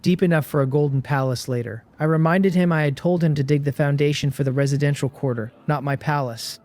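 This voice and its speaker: Steady male story narrator, dry close sound. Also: fairly high pitch, dry recording.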